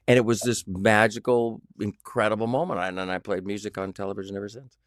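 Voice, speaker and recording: A low-voiced man in his sixties tells stories in an interview, slipping into quoted voices and humming bits of tunes. The sound is close and dry, with little room in it. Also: fast talker, no room sound. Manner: animated anecdotes with sung sounds and quoted voices. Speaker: actor guest. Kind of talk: storytelling interview.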